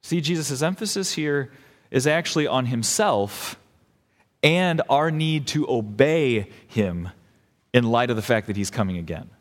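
A man's voice: mid-range voice, expressive, a little slow. A young adult man preaching a sermon as pastor, earnest and emphatic, building in intensity. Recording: long hall reverb.

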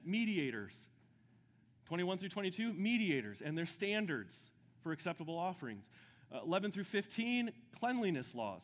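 A man preaching a sermon with great enthusiasm, dropping to a hush and then building to shouts. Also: high-pitched, in a large hall. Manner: enthusiastic, swings from hushed to shouting. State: out of breath. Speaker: pastor.

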